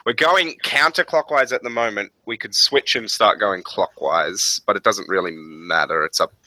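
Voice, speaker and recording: A man's voice: lowish voice, normal speed, bright, forceful tone, no echo, low-quality recording. A man chatting casually as a tabletop game player on a voice call, laughing often. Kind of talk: casual chat over a voice call.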